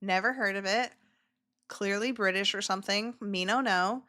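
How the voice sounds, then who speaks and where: A woman's voice: medium pitch, moderate pace, bright, forceful tone. A woman hosting a casual reaction video who gushes emotionally over clips, with many filler words.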